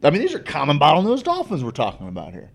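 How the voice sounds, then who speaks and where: A man's voice: a little high, huge pitch swings, fast talker, creaky. A man co-hosting a casual podcast, chiming in with swearing quips and facts he looks up. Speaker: podcast co-host. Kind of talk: casual chat.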